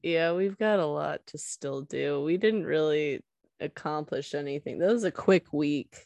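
A young woman co-hosting a podcast, with a very low voice and an unhurried, drawn-out delivery. She laughs easily and fills her talk with "like", and the sound is close and dry. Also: darkish tone, no echo. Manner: filler-heavy, giggly. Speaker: podcast co-host. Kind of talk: casual chat.

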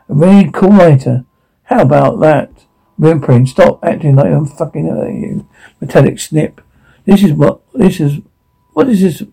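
A taunting, obsessive security guard who gloats over his captive, his gravelly, husky voice sitting a little high, as a man acts him out. He mocks in a dark audio drama and snaps into bursts of rage. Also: full character voice, poor audio. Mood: leering. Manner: taunting, mocking, veers into rage. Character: menacing obsessive male security guard captor.

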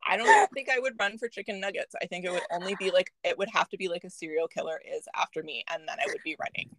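A woman's voice: lowish voice, sing-song, rapid-fire, a bit bright, no room sound. A young woman co-hosting a podcast in casual chat, laughing often and talking with many fillers. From Canada. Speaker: podcast co-host.

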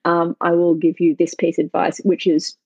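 A chatty woman from Australia whose accent leans a little North American, talking casually and laughing at herself. Her voice is a touch husky, recorded dry and close with a slightly dull, lo-fi sound. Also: fairly low pitch, flat delivery, moderate pace, a little mellow, no echo. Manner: chatty, self-deprecating, laughs often. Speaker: sausage maker and brewer, guest. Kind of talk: casual interview chat.

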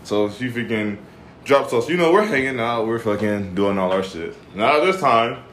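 A man's voice: medium pitch, lively intonation, moderate pace, a bit bright, echoey room, slight background noise. A young man casually telling a story on a podcast, rambling and cursing. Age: young adult.

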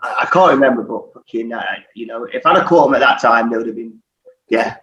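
A middle-aged man who used to play football tells stories at a quick pace in his mid-range voice. Casual and animated, he swears often and breaks into laughter. The recording sounds distant and dull, echoey, with faint noise.

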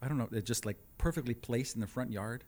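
A man telling a comic personal story, animated with deadpan asides. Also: mid-range voice, fast talker.

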